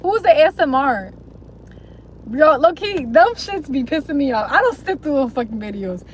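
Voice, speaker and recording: A woman's voice: high voice, sing-song, moderate pace, a little hiss or hum, poor audio. A young woman live streaming, chatting casually to her viewers in a rambling, slangy way with plenty of swearing. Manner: rambling, slangy and profane, mocking voices. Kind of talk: casual livestream chat to viewers.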